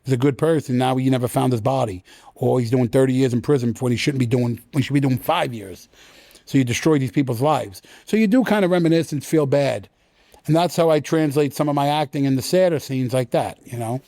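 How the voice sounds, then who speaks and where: A middle-aged man who is an actor, talking as a guest in a casual interview and telling stories with lively, acted-out quotes. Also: medium pitch, a little fast, no echo, clean studio sound. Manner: animated storyteller, acts out quotes in loud sudden bursts.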